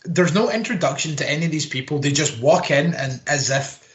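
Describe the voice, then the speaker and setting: A man's voice: a little high, animated, brisk. A man co-hosting a casual podcast chat, ranting with plenty of swearing and mocking put-on quotes. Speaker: podcast co-host. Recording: roomy echo.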